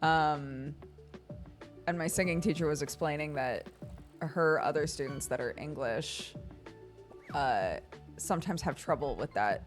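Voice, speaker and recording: This American streamer in her thirties has a deep voice here, speaking a little slowly and pausing often while faint music plays behind her. In casual chat, she tells laugh-filled stories and acts out how the people she quotes sound.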